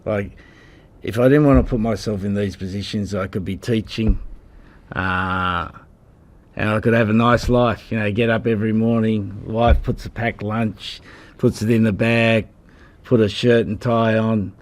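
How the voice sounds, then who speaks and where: A man's voice: on the low side, steady tone, unhurried. A man in his sixties from Australia, a rugby head coach answering at a press conference in a blunt, combative way, calling people mate.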